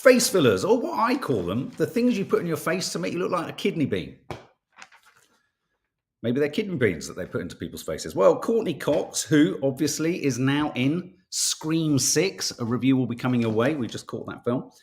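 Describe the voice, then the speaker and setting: Chatty man with a lively voice. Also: a little high, moderate pace. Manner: chatty, irreverent, swears casually. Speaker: host. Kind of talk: casual chat reading the papers and live comments.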